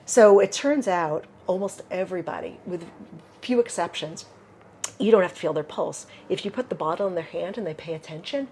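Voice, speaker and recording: Older Midwestern American woman, herbalist guest, rambling anecdotal chat, somewhat low voice. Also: lively intonation, normal speed, dark tone, a little hiss or hum. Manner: chatty, many "you know" fillers. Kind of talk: casual interview storytelling.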